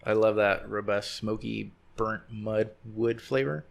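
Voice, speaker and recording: A man's voice: fairly low pitch, steady tone, a little slow, creaky. A young man talking openly and easily as a guest on a casual podcast. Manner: open, easygoing storytelling. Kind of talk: casual chat.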